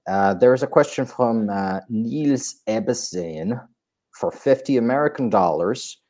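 A man's voice: mid-range voice, expressive, measured pace, warm tone. A man hosting a casual podcast, whose first language is a Slavic language, talking hesitantly with many fillers and self-corrections. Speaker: podcast host.

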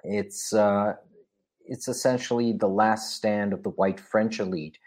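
A man hosting a livestream in a somewhat low voice. He rambles along casually with plenty of fillers, stopping to read out viewer donations. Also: fairly even intonation, a little slow, darkish tone. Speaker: livestream show host.

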